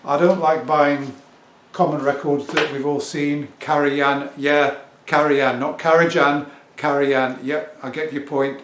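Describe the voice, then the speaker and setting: A middle-aged Englishman with an English accent vlogs about selling records, rambling casually and at length to camera in a self-assured way. His voice sits a little high, level in tone and a little slow. He's in a home room with a turntable, and the echoey room carries faint ambient noise.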